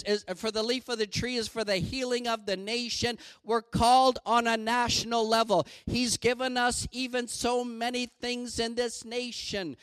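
High, smooth-voiced male preacher, earnest sermon delivery. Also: a bit bright, dry recording. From Canada. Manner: earnest, building to emphatic exhortation.

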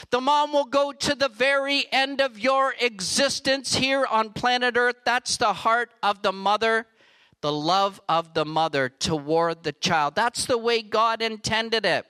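A man delivering a sermon with an earnest, emphatic preaching manner. His voice sits high and rings bright and crisp. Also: unhurried, rough recording. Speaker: pastor.

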